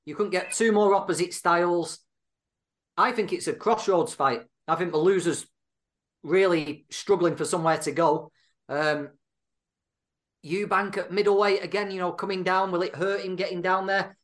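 Male pundit, high voice, chatty, wry. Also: steady tone, normal speed. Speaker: panel pundit. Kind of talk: casual panel discussion.

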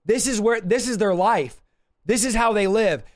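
High-voiced urgent preacher. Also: male voice. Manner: urgent, emphatic preaching with rapid asides. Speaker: pastor. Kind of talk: livestreamed Bible teaching. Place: home office.

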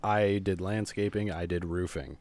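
A man's voice: deep voice, fairly even intonation, moderate pace, a little mellow, no echo. A young man co-hosting a casual chat, telling work stories in a laid-back way with frequent laughs. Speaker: podcast co-host.

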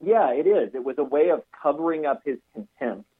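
Man, radio guest, husky, measured, explanatory, phone-quality line. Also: fairly high pitch, lively intonation. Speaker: pastor and author guest. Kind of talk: radio interview.

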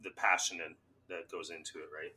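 A man's voice: low-pitched, level tone, fairly quick, pushed and bright. A hungover man co-hosting a podcast, laughing and swearing as he tells rowdy stories in casual chat. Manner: laughing, swearing, boisterous storyteller. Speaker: podcast co-host.

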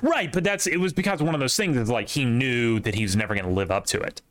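A man's voice: medium pitch, fast, fairly bright tone, no room sound. A young man hosting a podcast in casual chat, rambling with restarts and asides. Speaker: podcast host.

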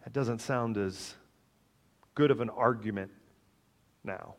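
Animated joking man preaching a sermon. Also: medium pitch, slow pace, pauses often. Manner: animated, joking, swings between loud and soft. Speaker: pastor.

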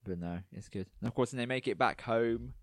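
A man, co-hosting a podcast in a relaxed, rambling chat full of fillers. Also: medium pitch, fairly quick, dry recording, studio quality. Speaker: podcast co-host. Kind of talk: casual chat.

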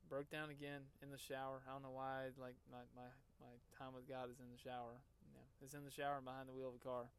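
A man hosts a podcast and recounts a personal story in a casual monologue. His voice is gravelly but smooth and resonant, and his pitch stays fairly flat. He talks in an earnest, emotional way, halting and restarting often. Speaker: podcast host.

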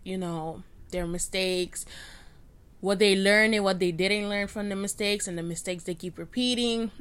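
A woman's voice: mid-range voice, fairly bright tone. A young woman hosting a casual solo podcast, rambling and self-deprecating as she restarts her sentences, recorded on a cheap microphone at home. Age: young adult. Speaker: podcast host. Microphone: cheap USB microphone.

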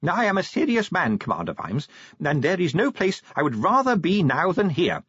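A man's voice: wildly swooping pitch, normal speed, a bit bright, husky, no room sound, muffled recording, exaggerated voice. A man voicing a small, timid acting constable who talks stiffly and formally, trembling with his teeth chattering. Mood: earnest, resolute. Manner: stiff, formal and earnest, voice rising high. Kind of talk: audiobook character voice.

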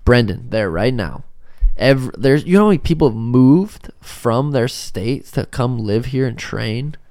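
A man's voice: medium pitch, a little slow. A young man hosting a podcast in casual chat, swearing often and acting out quotes. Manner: animated, swears a lot, acts out quotes. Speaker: podcast host.

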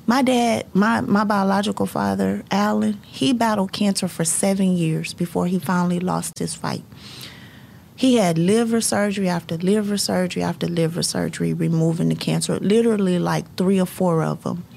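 Gravelly-voiced woman telling her faith story. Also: medium pitch, fairly even intonation, normal speed, a little mellow, a little hiss or hum. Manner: earnest and faith-filled, breaks into laughter. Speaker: high school counselor. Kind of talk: personal storytelling in conversation.

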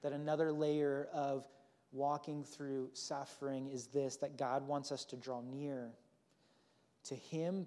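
A man's voice: mid-range voice, level tone, takes it slowly, warm tone. A male pastor preaching a sermon in a church, earnest and repeating key phrases for emphasis.

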